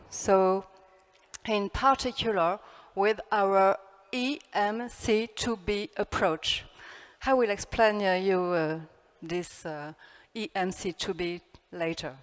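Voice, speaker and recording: A French woman speaking English with a French accent, giving a conference talk in a halting way with many fillers and restarts. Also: mid-range voice. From France. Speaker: architect giving a festival talk. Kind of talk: conference presentation. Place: large hall. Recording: long hall reverb.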